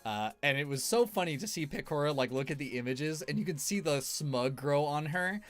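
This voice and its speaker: A man's voice: a little high, animated, a little fast, faint music behind. A man streamer giving rambling, casual tier-list commentary, laughing often between fillers.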